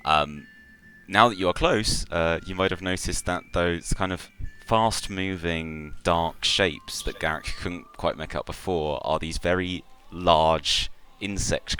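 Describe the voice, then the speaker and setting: A man running a tabletop game as game master, giving halting, meandering descriptions of the scene. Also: very deep voice, sharp tone.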